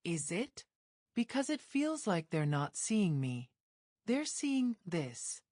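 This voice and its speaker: A woman's voice: on the low side, very animated, slow pace, a little mellow, no room sound, clean studio sound, full character voice. A woman narrator voicing a hurt, defiant young woman who speaks in an emotional, questioning way.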